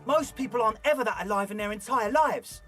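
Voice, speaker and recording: A man's voice: high voice, fast talker, over loud music, lightly acted. An actor playing an earnest young male raver in a game, with a casual, laid-back way of reassuring people. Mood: easygoing. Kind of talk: game dialogue.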